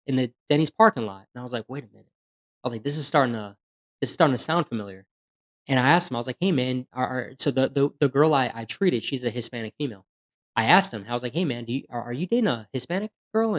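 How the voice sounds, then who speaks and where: Blunt, animated police officer telling stories. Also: male voice, medium pitch. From USA. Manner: blunt, animated retelling with acted-out quotes. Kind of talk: casual podcast storytelling.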